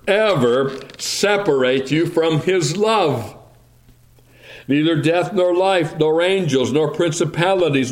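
Slow, deliberate male preacher. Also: fairly high pitch. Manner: slow, deliberate preaching with King James scripture readings. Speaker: pastor. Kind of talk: sermon.

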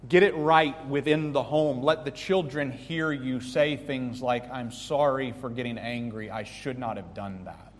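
A man preaching a sermon with earnest emphasis, rising to loud peaks and falling back to soft, pleading lines. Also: mid-range voice, a little slow, few pauses. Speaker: pastor. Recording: long reverb of a hall.

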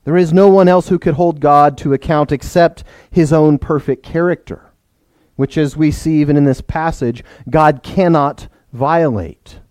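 A man's voice: a little high, a little slow, a little mellow, no room sound. A man preaching a sermon to his church, explaining plainly and putting questions to the children. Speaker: pastor.

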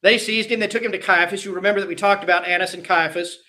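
High, bright-voiced preacher acting out scenes. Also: male voice, steady tone, fast. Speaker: pastor. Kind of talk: sermon. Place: church.

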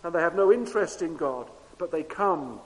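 A man preaching a sermon with emphatic repetition, moving between loud declarations and hushed low tones. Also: expressive, moderate pace. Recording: long hall reverb.

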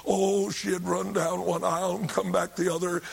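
An older man preaching a revival sermon, telling a story fervently and rising to shouts when he quotes others. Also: high-pitched, flat delivery, normal speed, gravelly, husky.

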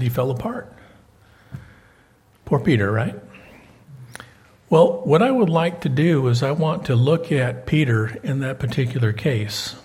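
A man's voice: on the high side, vocal fry. A man preaching a conversational sermon, folksy and fond of asking his listeners questions. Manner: folksy, repeats himself, asks the congregation questions. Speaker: preacher in prison ministry.

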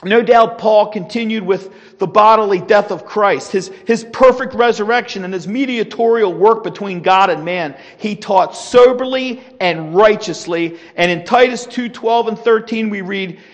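A man's voice: high-pitched, normal speed, few pauses. A man teaching Sunday school in a sermon style, emphatic and acting out quotes with rising force. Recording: long echo in a large hall.

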